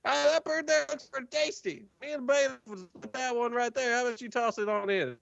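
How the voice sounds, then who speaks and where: A man's voice: very high voice, fairly quick, gravelly, fairly bright tone, no room sound, dull audio, pitched above the performer's own voice, heavily acted. A man voicing a chatty, folksy male hobgoblin jailer in a tabletop game. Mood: sly.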